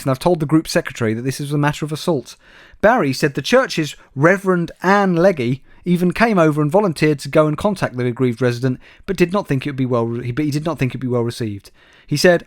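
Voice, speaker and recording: Guy reading odd news on a comedy podcast, wry, a bit high-voiced, dead dry sound. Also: quick pace, no echo. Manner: dry, wry delivery, addresses co-host by name. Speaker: podcast co-host. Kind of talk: reading news stories aloud with comic asides.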